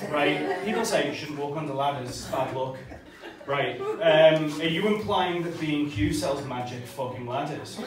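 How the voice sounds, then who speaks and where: A man with a fairly high voice performs a stand-up set in a small club at a moderate pace. He's sweary and conversational, bantering with the crowd amid audience laughter. The recording is distant and echoey, with heavy noise, as typical of a live venue.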